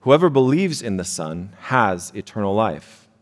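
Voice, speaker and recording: A man preaching a sermon in a conversational way, often checking in with his listeners with a quick "right?". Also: lowish voice, sing-song, in a large hall. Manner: conversational preaching, frequent "right?" tag questions. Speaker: pastor.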